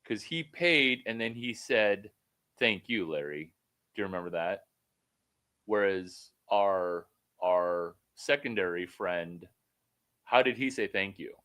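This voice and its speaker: A man's voice: fairly low pitch, lively intonation, slow pace, smooth. Blunt, profane male coach. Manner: blunt, profane and rambling, with sudden loud bursts. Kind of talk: one-on-one coaching call. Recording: phone call.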